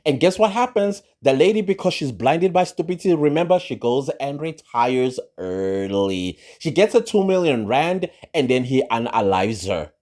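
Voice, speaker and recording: A man's voice: mid-range voice, lively intonation, moderate pace, hardly any pauses, a little mellow. A man giving opinionated gossip commentary, sarcastic and full of rhetorical questions. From South Africa. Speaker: social commentary vlogger.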